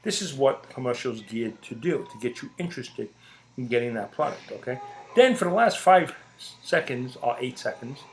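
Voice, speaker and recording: A man's voice: mid-range voice, expressive, moderate pace, a little hiss or hum. Blunt, profane middle-aged man ranting. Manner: blunt, profane, emphatic, repeats points. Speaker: podcast host. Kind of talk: casual ranting monologue.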